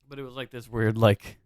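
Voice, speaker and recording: A man's voice: on the low side, no room sound, studio quality. A man co-hosting a podcast in casual chat, rambling and swearing freely as he rants. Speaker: podcast co-host.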